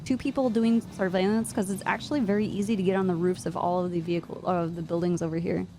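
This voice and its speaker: A woman's voice: lowish voice, fairly even intonation, quick pace, mellow, a little hiss or hum. A woman streamer chatting in character as a police officer, talking in a chatty way with hesitant restarts while she plans. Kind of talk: in-character roleplay chat.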